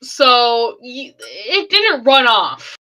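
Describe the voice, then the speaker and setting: A woman running a tabletop one-shot as game master over an online voice call, unhurried and thinking aloud with small laughs. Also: fairly high pitch, wildly swooping pitch, pushed and bright, rough recording. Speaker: dungeon master.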